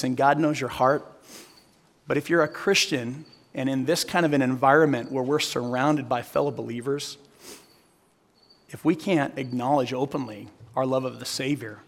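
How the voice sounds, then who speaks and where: Man, preacher, earnest sermon, questions the crowd, long reverb of a big hall. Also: mid-range voice. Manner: earnest, questions the audience directly. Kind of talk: sermon with storytelling.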